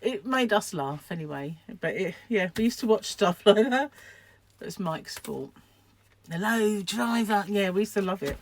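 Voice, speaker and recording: A woman's voice: mid-range voice, expressive, moderate pace. An older woman from England chatting to camera in a rambling, self-deprecating way, laughing often. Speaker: vlogger, craft shop owner. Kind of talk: casual chat to camera.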